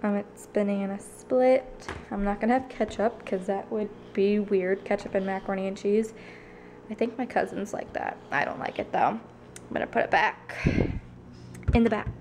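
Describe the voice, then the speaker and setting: A woman's voice: mid-range voice, fairly even intonation, moderate pace, a little mellow, a little hiss or hum. A teenage girl chatting casually as she films herself at home on a handheld camera, narrating what she does. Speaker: vlogger. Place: home kitchen, indoors.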